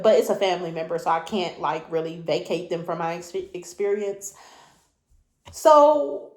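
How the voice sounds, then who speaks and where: A woman giving a spiritual reading, talking in a reflective, conversational way and circling back with rhetorical questions. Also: on the high side. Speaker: spiritual reader. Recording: echoey room.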